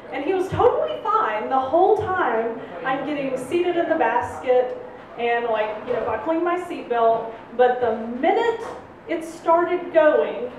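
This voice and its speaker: A young adult woman telling a funny personal story on stage at a live storytelling night, animated and laughing often, jumping her voice up high to act out the people in it. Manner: animated, acts out voices with big pitch jumps, laughs often. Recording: roomy live venue, heard from a distance, faint room noise.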